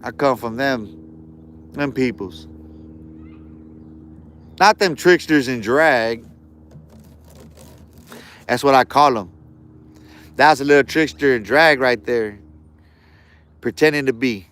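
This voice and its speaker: A man's voice: medium pitch, slow, long pauses, fairly bright tone. A man ranting on a live stream in casual street slang, heated and repeating himself.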